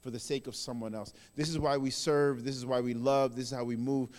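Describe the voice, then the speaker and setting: A male pastor in his thirties preaching a sermon, swinging between loud emphatic bursts and soft hushed phrases. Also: mid-range voice, steady tone, fairly quick. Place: large church hall. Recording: long reverb in a large hall.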